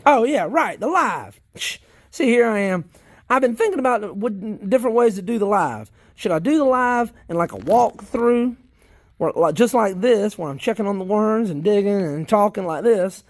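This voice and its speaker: Folksy Southern man, high-pitched. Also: animated, moderate pace, dry recording, studio quality. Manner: folksy, rambling, talks while digging in worm bins. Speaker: worm farmer vlogger. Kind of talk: casual chat. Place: outdoors by worm bins.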